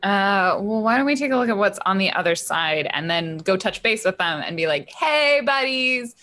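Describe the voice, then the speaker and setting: A woman's voice: medium pitch, a little fast, fairly bright tone. A woman playing a tabletop game, chatting casually and suggesting plans. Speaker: player.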